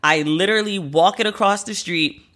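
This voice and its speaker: Bright-voiced woman podcast host. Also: mid-range voice, normal speed. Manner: candid, profane, exasperated storytelling. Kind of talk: casual solo podcast monologue.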